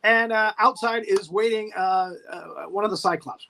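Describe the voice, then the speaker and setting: A man co-hosting a podcast, recapping a monster movie in a lively way, laughing often and acting out the scenes. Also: high-pitched, normal speed, slight background noise. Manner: animated, laughing, acts out scenes. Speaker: podcast co-host.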